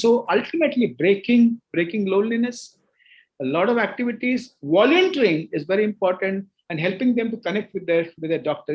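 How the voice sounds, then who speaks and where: A man's voice: sits high, poor audio. A middle-aged man with an Indian English accent, a doctor answering questions at a seminar, earnest and emphatic, often repeating words as he restarts. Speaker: doctor and guest speaker.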